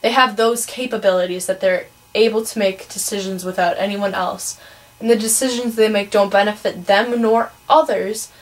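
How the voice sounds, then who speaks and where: A woman's voice: mid-range voice, fairly even intonation, normal speed, low-quality recording. A teenage girl from Wisconsin with a Midwestern American accent, ranting casually in a vlog, chatty and opinionated with lots of ums. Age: teens. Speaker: vlogger.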